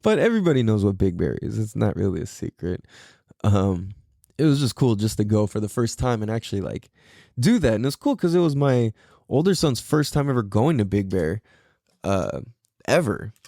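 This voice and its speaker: A man's voice: fairly low pitch, sing-song, normal speed, gravelly, warm tone, no room sound, clean studio sound. A tired young man hosting a casual solo podcast, talking in a laid-back, slangy way with a lot of swearing. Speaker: podcast host.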